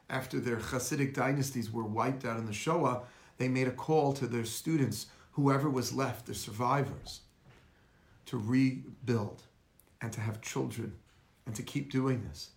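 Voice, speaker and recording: A man's voice: medium pitch, vocal fry, reverberant. A man, a rabbi, giving a livestreamed lecture in a storytelling way, asking rhetorical questions. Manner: storytelling, rhetorical questions, welcomes viewers by name. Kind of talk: Facebook Live lecture.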